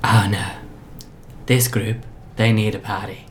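Brief: eccentric, wheedling schemer, played by a performer, middle pitch. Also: little pitch movement, unhurried, a little hiss or hum, close to an everyday voice. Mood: scheming. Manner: rambling, wheedling, grandiose. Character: eccentric scheming party planner, grandiose. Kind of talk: improvised comedy audio play.

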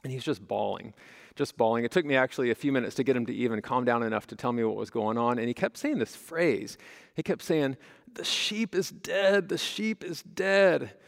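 A man's voice: mid-range voice, fast talker, vocal fry. A man preaching a sermon as pastor, talking to his congregation in a conversational way, with rhetorical questions and personal stories. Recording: long reverb of a large hall.

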